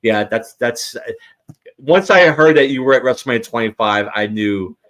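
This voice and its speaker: A man's voice: mid-range voice, expressive, normal speed, fairly bright tone. A man hosting a casual show, talking in a rambling way with many restarts. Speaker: host. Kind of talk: casual chat.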